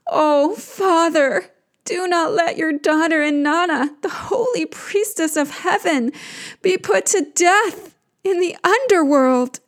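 A woman's voice: very high voice, slow pace, voice pushed up, full character voice. A woman doing a crying servant begging a god. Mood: pleading. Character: desperate female servant pleading to god.

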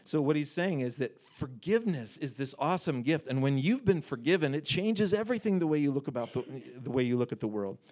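A man preaching a casual sermon, reading scripture and paraphrasing it in a lively, conversational way. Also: a little high, brisk, hardly any pauses. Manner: animated, conversational, breaks off to joke and paraphrase.

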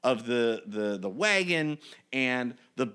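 A man telling a tabletop game story in conversation, his pitch rising and falling a lot. He rambles and restarts often, full of energy. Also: slow pace, clear, resonant tone. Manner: animated, rambling, many restarts. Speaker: game master. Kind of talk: casual storytelling interview.

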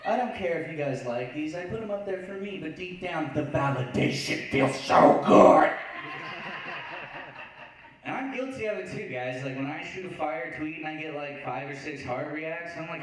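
Stand-up guy, kinda high voice, super echoey room, sounds far from the mic. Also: animated, a little fast. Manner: sarcastic, acts out online voices. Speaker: stand-up comedian. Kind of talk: stand-up comedy set. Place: lounge stage before a live audience.

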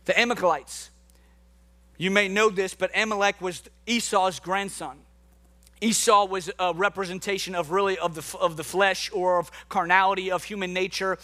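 A man's voice: sits high, normal speed. A man preaching a sermon as pastor, joking playfully with the congregation before turning to scripture. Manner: playful, jokey and animated with the crowd. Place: church hall with a congregation.

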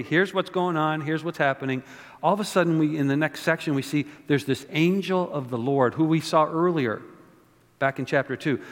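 A pastor giving a conversational sermon, often repeating words and asking his listeners rhetorical questions. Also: on the high side. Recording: long reverb of a hall.

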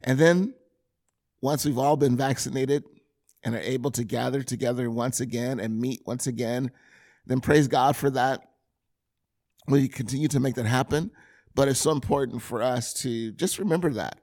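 A man's voice: mid-range voice, normal speed, a little mellow. A male pastor with a Californian accent, hosting his church podcast in an earnest, conversational way with touches of self-deprecating humor. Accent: Californian English. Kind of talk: podcast intro talk.

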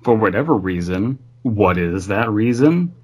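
A man's voice: lowish voice, animated, unhurried, a little mellow, husky. A man reading a creepy story aloud in an offhand, amused way, stopping to comment on it.

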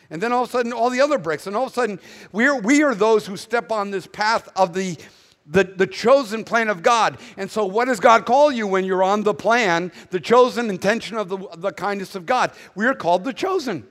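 High-voiced Northern US pastor preaching. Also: male voice, fairly quick, fairly bright tone. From northern United States. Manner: conversational and blunt, with casual asides. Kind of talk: sermon. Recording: echoey hall reverb.

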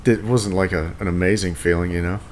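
A man's voice: low-pitched, steady tone, a little fast, a little hiss or hum. A man in casual chat who laughs easily, reacts and asks short questions. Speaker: conversation partner.

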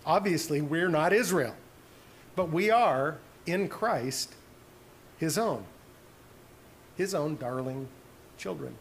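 A man preaching a sermon as pastor, earnest, dropping to soft hushed tones on tender points. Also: on the high side, animated, slow, pauses often, slight background noise.

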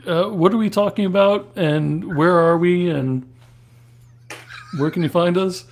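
A man hosting a podcast in casual chat, easygoing and quick to laugh. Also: high-pitched. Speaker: podcast host.

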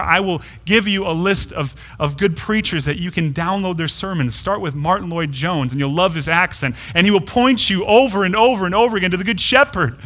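Man, pastor, sermon, bright tone, earnest, emphatic repetition. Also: on the high side.

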